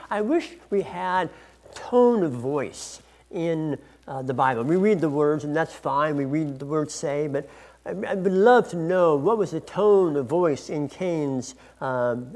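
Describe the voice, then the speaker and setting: Animated man preaching a sermon. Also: on the high side. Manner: earnest, explanatory, with some restarts. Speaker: pastor.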